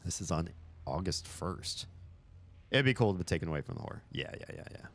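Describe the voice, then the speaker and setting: A man's voice: deep voice, animated, moderate pace. A young man chatting casually and swearing freely while playing through a horror game. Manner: chatty, swears freely, laughs at his own jokes. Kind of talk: casual let's-play commentary.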